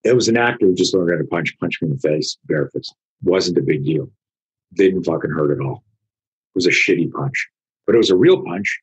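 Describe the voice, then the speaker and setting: Sounding like an older martial arts teacher, a man with a very low, husky voice talks fairly quickly through a casual, animated story, swearing freely and performing the lines of its characters. The highs are cut off in the recording.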